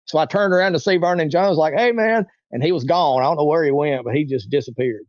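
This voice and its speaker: A man's voice: on the high side, fast, no echo. Rambling man in his forties, dull dry sound. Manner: rambling, acts out quoted voices. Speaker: interview guest. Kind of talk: casual storytelling.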